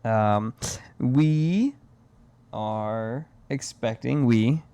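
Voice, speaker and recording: A man's voice: mid-range voice, very slow, warm tone, clean tone, no echo. A man in his thirties co-hosting a podcast, chatting casually and rambling, with "dude" and "man" in every other phrase. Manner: laid-back, rambling, says "dude" and "man" often. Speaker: podcast co-host. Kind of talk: casual chat.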